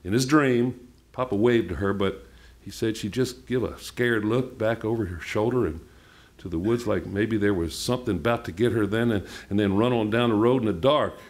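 A man reading a novel aloud at a live event, with storytelling delivery and soft trailing line ends. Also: fairly low pitch, normal speed. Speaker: guest reader.

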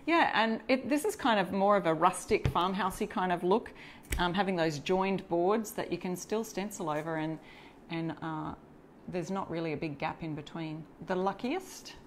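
This is an Australian woman with a slightly low voice, walking viewers through a craft project live. She chats easily and reads out viewer comments as she goes. A faint background hum sits under her voice. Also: moderate pace. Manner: chatty, greets and reads out viewer comments while working. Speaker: DIY crafter hosting a live stencil demo. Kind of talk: casual live tutorial.

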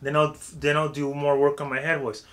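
A man giving a casual vocal warm-up tutorial, talking loosely with lots of filler phrases. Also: a little high, little pitch movement, fairly quick. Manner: loose and chatty, heavy with "like" and "you know what I'm saying".

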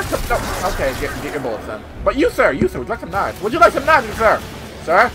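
A man hosting co-op gameplay commentary, goofy and joking, yelling during fights. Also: sits high, very animated, normal speed, music in the background. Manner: yells during combat. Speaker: gaming channel host. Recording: game sounds loud behind voice.

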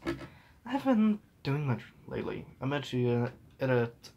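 A man's voice: medium pitch, sing-song, brisk, warm tone. A young man rambling through a casual phone vlog, trailing off and chuckling between thoughts. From New Zealand. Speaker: vlogger. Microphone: phone held at arm's length.

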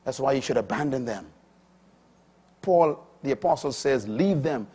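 A man in his fifties preaching a sermon, emphatic, moving between loud declarations and quiet asides. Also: mid-range voice, lively intonation, normal speed, slightly rough.

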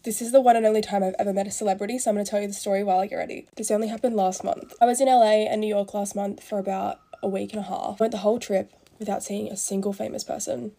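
A woman's voice: mid-range voice, fairly even intonation, creaky, dark tone. A young woman telling a chatty, gossipy story while getting ready, full of "like" and casual swearing. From Australia. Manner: fast, gossipy, heavy use of "like", swears casually.

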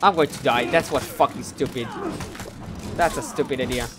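A man giving live gameplay commentary. He is excitable and swears often, and he sounds frustrated during matches and more hesitant when looking back afterward. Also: medium pitch, moderate pace, background noise.

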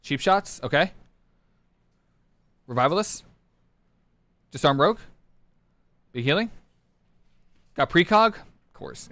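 A man streaming a competitive online game live, talking his teammates through the match in short clipped callouts and bursting into excited shouts. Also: a little high, takes it slowly, pauses often, no echo. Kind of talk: live gameplay commentary.

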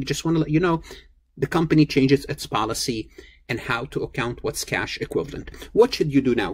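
Guy lecturing on accounting, kinda husky, keeps repeating himself for emphasis. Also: medium pitch. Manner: emphatic, repeats key points, self-corrects. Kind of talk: recorded online lecture.

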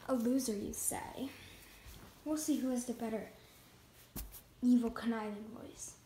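Sly gloating villain put on by a woman, lower pitched, echoey room. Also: fairly even intonation, measured pace, dark tone, slight background noise. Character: scheming evil contestant with a conniving voice.

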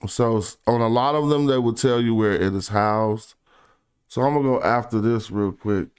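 Smooth-voiced man thinking aloud over research. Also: lowish voice. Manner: thinks aloud, reads passages slowly, drifts into quiet asides. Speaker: independent researcher presenting online. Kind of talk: casual screen-share research commentary.

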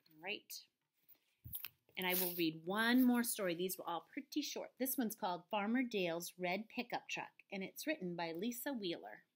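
A woman teacher reading picture books aloud to young children, slow and expressive with playful voices. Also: lowish voice.

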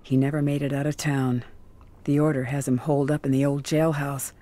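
A woman's voice: a bass voice, flat delivery, a little fast, mellow. An actress voicing a frightened young woman in a video game, a minister's daughter who speaks urgently and anxiously.

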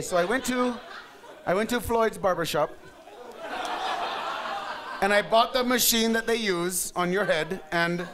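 A man's voice: high voice, a bit bright. A man emceeing a burlesque show, bantering bawdily with the audience in live stand-up style. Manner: bawdy, teasing, quizzes the crowd. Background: laughing crowd.

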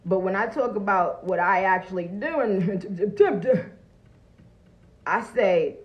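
A woman, talking loudly and profanely on a phone livestream and greeting viewers as she goes. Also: medium pitch, slow, muffled recording. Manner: loud, profane and animated, greeting viewers between points. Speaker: livestream host. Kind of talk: casual livestream talk.

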